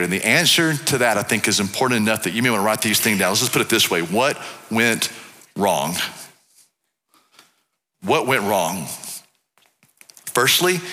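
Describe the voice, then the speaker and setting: A man preaching a sermon as pastor, emphatic, swinging between loud declarations and low, slow stresses. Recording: preached in a reverberant hall.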